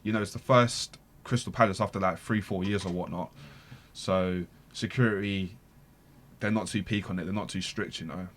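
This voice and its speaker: Low-pitched male guest, animated slangy storyteller. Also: normal speed, a little hiss or hum. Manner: animated, slangy, repeats words for emphasis. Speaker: podcast guest. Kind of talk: casual storytelling.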